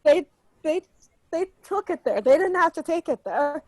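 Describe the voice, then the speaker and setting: A woman's voice: extremely high pitch, expressive, normal speed, darkish tone, dry recording, poor audio. A woman co-hosting a podcast over a video call, speaking emphatically and backing up the man telling the story. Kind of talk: casual chat.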